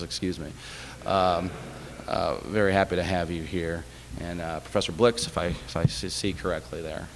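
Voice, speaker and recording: A man with a deep voice addresses a college crowd from a chapel lectern, chatty and self-deprecating, with plenty of uhs. His words ring out in a long hall reverb, and a faint background hum sits underneath. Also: a bit bright. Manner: conversational storytelling with fillers and self-deprecating humor. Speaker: state official giving a chapel talk. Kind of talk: speech to a college audience.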